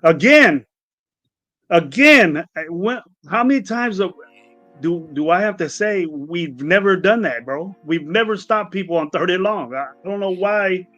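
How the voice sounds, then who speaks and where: A man's voice: sits high, moderate pace, a bit bright, no echo, faint music behind. A man co-hosting a sports podcast, talking in a heated, emphatic way and hammering the same phrases. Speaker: podcast co-host. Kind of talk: casual postgame rant.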